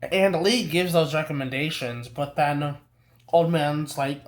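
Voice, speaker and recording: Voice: medium pitch, lively intonation, normal speed. A young adult reviewing a film in a casual rant, swearing a lot, exasperated and rambling with frequent restarts. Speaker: movie reviewer.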